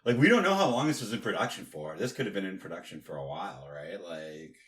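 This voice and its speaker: A man's voice: low voice, big pitch swings, fast talker, fairly bright tone. A man co-hosting a casual movie podcast, blunt and swearing a lot as he talks. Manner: blunt, swears often, lots of fillers. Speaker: podcast co-host. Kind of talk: casual movie review chat.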